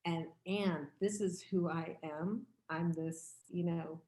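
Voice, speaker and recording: A woman's voice: on the low side, steady tone, slow pace, mellow. A woman in her fifties giving a dharma talk as a meditation teacher, speaking in a candid, reflective, conversational way. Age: 50s. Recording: roomy echo.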